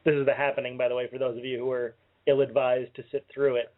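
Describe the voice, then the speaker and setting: A man's voice: mid-range voice, level tone, quick pace. A man co-hosting a comedy radio show, enthusing wryly about a film. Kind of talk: casual comedic banter. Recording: phone-like narrow-band audio.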